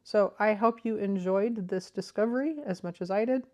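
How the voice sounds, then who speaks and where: Medium in pitch and moderate in pace, a crochet vlogger's voice carries her thoughtful, enthusiastic explanations in her living room. She speaks softly and uses lots of fillers like "um."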